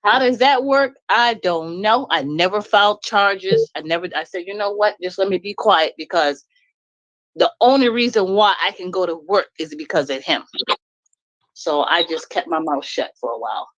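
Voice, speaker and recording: A woman's voice: lowish voice, normal speed, no room sound, dull audio. A middle-aged woman speaks in casual, blunt bursts, and her voice climbs and falls widely as she talks. The sound is dry and close, with no room behind it. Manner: animated, blunt venting with laughs. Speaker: live stream guest. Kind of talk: casual chat. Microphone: live stream call.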